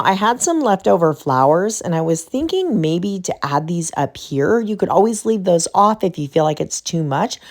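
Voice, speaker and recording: A woman hosting a craft tutorial in a low, chatty voice, still a little off as it recovers from a recent illness. She talks through each choice casually as she works, a middle-aged host thinking out loud.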